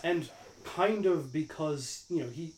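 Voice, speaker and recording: A man's voice: fairly high pitch, a little slow, darkish tone, roomy sound, poor audio. A man co-hosting a podcast, chatting casually about a film with lots of fillers and restarts. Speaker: podcast co-host.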